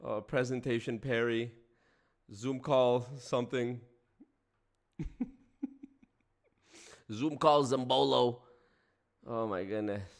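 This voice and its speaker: A man's voice: mid-range voice, steady tone, takes it slowly, vocal fry, pauses often. A man hosting a casual livestream, chatting with viewers, breaking into frequent laughter and swearing casually. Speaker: streamer host.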